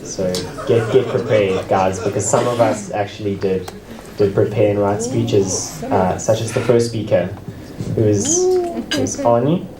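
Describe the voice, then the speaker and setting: A man's voice: on the low side, very animated, unhurried, roomy sound, far from the mic, over a noisy crowd, poor audio. A young man, the bride's brother, introducing the speakers at a wedding with hesitant, joking asides. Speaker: master of ceremonies, bride's brother. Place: wedding reception hall.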